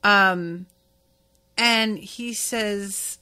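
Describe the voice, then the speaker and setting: A woman hosts a podcast and recaps an episode in a relaxed, candid voice, with a tossed-off swear here and there. Her pitch sits in the middle of the range and she takes her time with each phrase. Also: very slow, clear, resonant tone. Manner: chatty, candid, swears casually. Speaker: podcast host.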